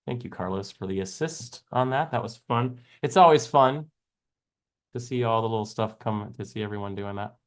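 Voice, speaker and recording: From the American South, a man hosts a live trading stream, chatting casually in a rambling, jokey manner and laughing often. His voice is lowish and his speed normal.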